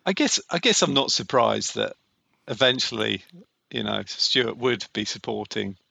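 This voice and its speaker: A man's voice: on the low side, animated, normal speed, creaky, bright, forceful tone, dry recording. A man co-hosting a podcast, chatting enthusiastically and often repeating himself. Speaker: podcast co-host. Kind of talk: casual chat.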